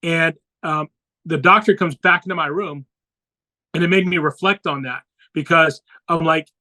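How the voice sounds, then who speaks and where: Bright, high-voiced man telling a personal story. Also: normal speed, poor audio. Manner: earnest storytelling, acts out quoted dialogue. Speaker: podcast guest.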